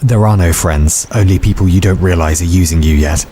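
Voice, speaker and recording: A man's voice: sits low, brisk, mellow, a little hiss or hum, close to an everyday voice. A man voicing a sardonic, contemptuous female robot in a storybook reading, dry and cutting. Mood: scornful.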